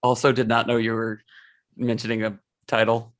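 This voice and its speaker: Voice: mid-range voice, completely flat delivery, moderate pace, no room sound, studio quality. A podcast co-host in a casual movie discussion, laughing often and starting hesitantly.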